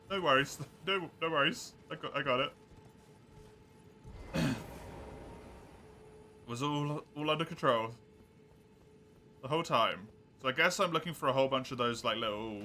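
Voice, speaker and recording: A man streaming a game live, talking through each move in a chatty, reactive way. His voice is very bright and sharp, set at an ordinary middle pitch. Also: slight background noise. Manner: chatty, reacts aloud and answers chat. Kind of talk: live gameplay commentary.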